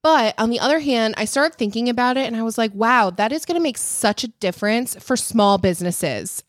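A woman's voice: on the high side, lively intonation, a little fast, dry recording. A woman co-hosting a podcast, teasing with dry wit and laughing easily. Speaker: podcast co-host. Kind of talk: casual chat.

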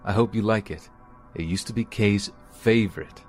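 A man doing an eccentric old dad with a high comical voice. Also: normal speed, darkish tone, soft background music, lightly acted. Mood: cheerful.

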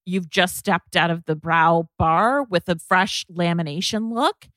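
A woman's voice: lowish voice, unhurried, a bit bright, no echo, clean studio sound. A woman hosting a beauty podcast, talking in a chatty way with plenty of filler words. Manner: chatty, filler-heavy product talk. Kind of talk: casual podcast chat.

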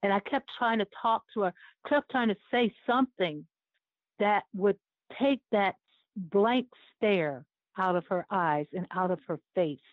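In this interview, the older American guest, an Olympic chaplain, tells a personal story with earnest emotion. Her medium-pitched voice moves at a measured pace. The recording is dry and comes over a tinny, phone-like line.

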